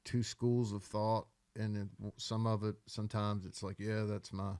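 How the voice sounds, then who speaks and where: Gravelly man telling stories. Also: fairly low pitch, little pitch movement, a little slow, darkish tone, dry recording. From Arkansas. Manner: loose, profane, rambling storyteller. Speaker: guest songwriter. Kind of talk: casual podcast storytelling.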